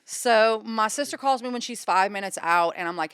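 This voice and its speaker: A woman from Louisiana, a podcast guest telling her recovery story in a lively way and acting out what people said. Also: moderate pace, few pauses, clean tone, no echo, clean studio sound. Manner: animated, acts out quoted dialogue with pitch jumps. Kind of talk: candid storytelling about recovery.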